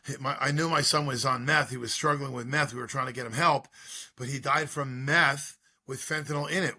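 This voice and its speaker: A man's voice: medium pitch, steady tone, a little fast, sharp tone. A middle-aged man, a school drug-prevention speaker, telling his story in an interview with earnest, repetitive rhetorical questions.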